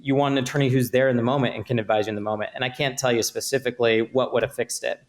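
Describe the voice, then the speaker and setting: A man, an attorney guest on a podcast, explaining contracts and liability with measured, example-driven talk. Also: medium pitch, steady tone. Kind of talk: podcast interview.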